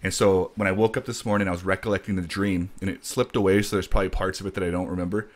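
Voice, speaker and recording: A man hosting a casual podcast, telling a story in a rambling, animated way. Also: low-pitched, rapid-fire. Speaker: podcast host. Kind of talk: casual chat.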